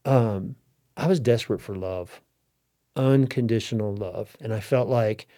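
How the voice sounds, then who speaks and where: A man's voice: lowish voice, unhurried, mellow. A middle-aged man telling a personal story as an interview guest, earnest and heartfelt, often restarting his sentences.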